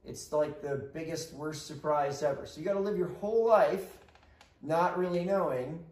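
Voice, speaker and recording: Chatty male history teacher, slightly high voice. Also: moderate pace, darkish tone. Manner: conversational, checks in with frequent "right?". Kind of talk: casual co-taught history lesson. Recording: roomy sound, mic at a distance.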